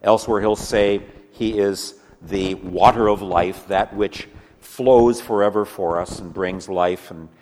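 A man preaching a sermon in earnest, swinging from lively emphasis to hushed, low passages. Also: measured pace, in a large hall. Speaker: pastor.

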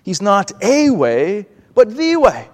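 A man preaching a sermon in an earnest, measured way, now and then acting out pleading voices. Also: high-pitched, wildly swooping pitch, big-room sound.

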